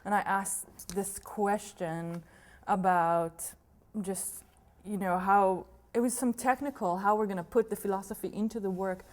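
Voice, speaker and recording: Woman from Israel, dance teacher, interview, unhurried, reflective, laughs easily. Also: mid-range voice, fairly even intonation. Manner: slow, thoughtful, laughing often. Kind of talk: documentary interview.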